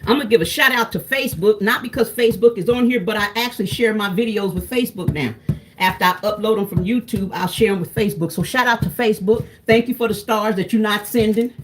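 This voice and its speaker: A woman's voice: mid-range voice, quick pace, a little hiss or hum. A woman, chatting casually to her viewers while she cooks, calling them "y'all". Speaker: cooking vlogger. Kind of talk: casual cooking vlog chat.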